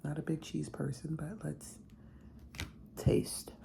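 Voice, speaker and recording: Casual woman vlogger: low, gravelly, mellow voice, chatty, drifting into whispers. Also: level tone, takes it slowly, a little hiss or hum. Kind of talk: casual vlog chat.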